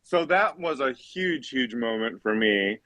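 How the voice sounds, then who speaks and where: A man, a drag queen guest, talking reflectively in a halting way with many pauses on an online audio call. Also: medium pitch, expressive, a crowd in the background. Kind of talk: casual interview chat.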